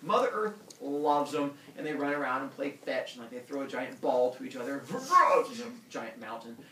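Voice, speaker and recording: A man teaching a class, retelling a myth in a jokey, animated way and acting out the characters. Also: mid-range voice, normal speed, slight background noise. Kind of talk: classroom storytelling. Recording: echoey classroom from far off.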